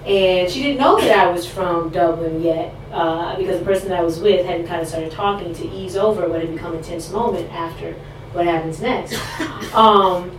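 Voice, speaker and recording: A woman's voice: on the low side, noisy background. Woman reciting spoken word poetry, echoey room. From United States. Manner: measured, rhythmic recitation, then loose, laughing asides. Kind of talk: spoken word poetry performance with chatty introductions. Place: live performance venue. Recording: echoey distant live room recording.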